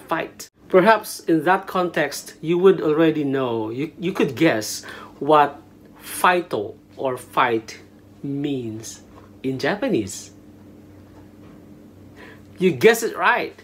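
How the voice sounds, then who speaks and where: Husky, slow language teacher. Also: medium pitch. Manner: mixes Tagalog and English, spells words letter by letter. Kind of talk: casual language lesson. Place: small room at home.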